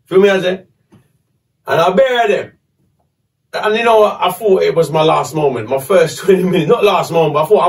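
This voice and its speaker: Brief: man, podcast host, fairly high voice, animated, foul-mouthed storytelling, distant mic. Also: fairly quick, vocal fry, long pauses. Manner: animated, swearing, slangy. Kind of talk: casual storytelling.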